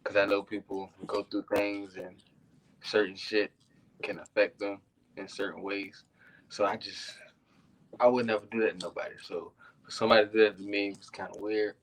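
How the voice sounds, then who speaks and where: A man's voice: on the low side, flat delivery, moderate pace, low-quality recording. A man co-hosting a casual podcast, talking bluntly in slang about his own feelings. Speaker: podcast co-host.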